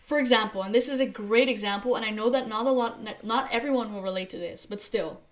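A woman's voice: on the high side, quick pace. A woman hosting a solo podcast, talking casually and explaining through playful everyday examples, with frequent restarts and fillers. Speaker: podcast host.

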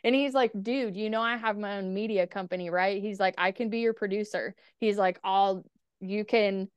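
Female podcast guest, candid storyteller who swears a lot, smooth clear voice on a dry close mic. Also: mid-range voice, fairly even intonation, moderate pace, no room sound, dull audio. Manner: candid, swears freely, quotes herself and others in dialogue. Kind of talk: casual storytelling interview.

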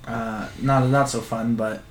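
A man's voice: medium pitch, fairly even intonation, unhurried, slight background noise, rough recording. Dry, teasing man in casual chat. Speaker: podcast co-host.

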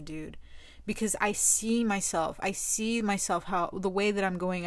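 A woman's voice: mid-range voice, dry recording. A young woman talking to her own camera in a candid personal monologue, casual and slangy, swearing a lot for emphasis. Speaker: vlogger.

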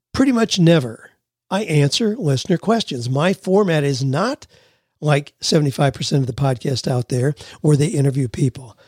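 A man's voice: on the high side, a little mellow, slightly rough, no echo, clean studio sound. A man hosting his own solo advice podcast, talking in a folksy, earnest way as he answers listener questions and gives step-by-step tips. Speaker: podcast host.

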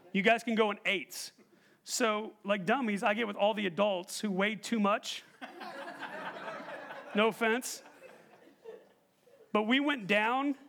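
A man preaching a sermon, telling a personal story in an animated way and quizzing the congregation. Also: high-pitched. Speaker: pastor.

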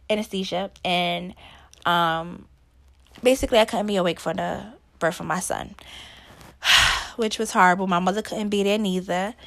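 A woman's voice: mid-range voice, vocal fry, a bit bright. Young woman, casual storyteller, candid and emotional, everyday mid-range voice, lots of fillers. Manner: candid, emotional, laughs through a hard story, many fillers. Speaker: podcast host.

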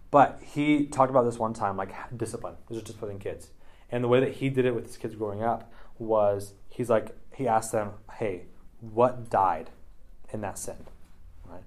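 A man's voice: on the low side, normal speed. A man leading a casual Bible study discussion, talking loosely with lots of "like" and "right?" tags. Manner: chatty, many "like" and "right?" tags.

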